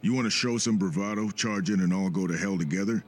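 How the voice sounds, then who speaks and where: Calm mercenary boss, very deep, husky, anime dub. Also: male voice. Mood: stern. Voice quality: deep and relaxed. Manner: measured, unhurried.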